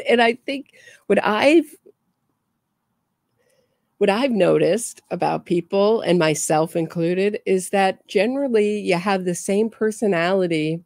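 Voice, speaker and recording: A woman's voice: medium pitch, vocal fry, a little mellow, no room sound, clean studio sound. A woman giving casual true crime commentary, chatty and laughing between remarks.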